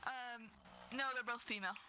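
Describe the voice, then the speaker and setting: A woman chatting casually during a game, soft-spoken and matter-of-fact. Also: fairly high pitch, fairly even intonation, moderate pace, background noise. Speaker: game player, creature seller. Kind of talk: casual voice chat.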